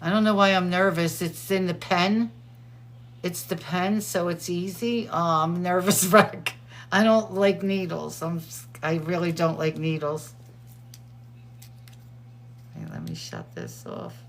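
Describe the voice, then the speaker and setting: A middle-aged woman hosting a show, chatting casually and excitedly, laughing often. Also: fairly low pitch, unhurried. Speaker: host. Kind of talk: casual chat.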